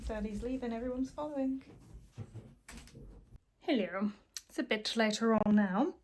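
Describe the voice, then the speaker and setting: Tired, chatty mum vlogging. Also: female voice, a little high, a little slow, slight background noise. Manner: rambling, chatty, with many ums. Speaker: homemaker vlogger, mother. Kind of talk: casual vlog chat. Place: at home.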